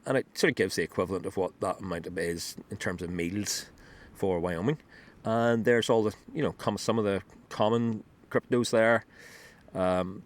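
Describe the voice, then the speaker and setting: Man with a lower voice, relaxed rambling demo delivery full of restarts, outdoors on a clip-on mic. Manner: rambling, many ums and restarts. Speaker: app builder demoing his work. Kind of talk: casual screen demo talk. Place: outdoors on a beach. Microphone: wireless clip-on mic.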